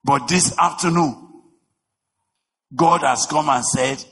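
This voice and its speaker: A man preaching a sermon, emphatic, with rhetorical questions, swinging between shouting and a low voice. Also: takes it slowly, slight background noise. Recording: long reverb of a large hall.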